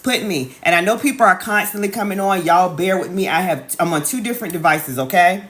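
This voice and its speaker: A woman's voice: on the low side, fairly quick, fairly bright tone. Chatty woman hosting a live stream. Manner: chatty, repeats calls to the audience, says "y'all" and "okay" often. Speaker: online business coach hosting a live stream. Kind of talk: casual live-stream sales talk. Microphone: phone.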